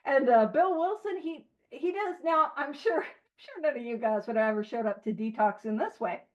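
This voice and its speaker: A woman leading a recovery book study, talking in an animated, joking, self-deprecating way. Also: sits high, normal speed. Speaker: study leader. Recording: dull lo-fi recording.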